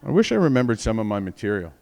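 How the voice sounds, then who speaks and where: A man's voice: on the low side, big pitch swings, racing, gravelly, a little mellow. A man in his forties doing a stand-up comedy set, rambling and profane, constantly mocking himself. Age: 40s.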